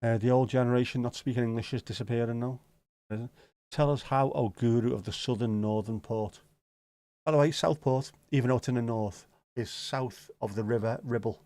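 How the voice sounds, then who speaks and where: A man's voice: medium pitch, steady tone, brisk, warm tone, dry recording. A man with a Scouse accent hosting a casual livestream, rambling and joking as he answers viewer comments, swearing now and then. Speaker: livestream host.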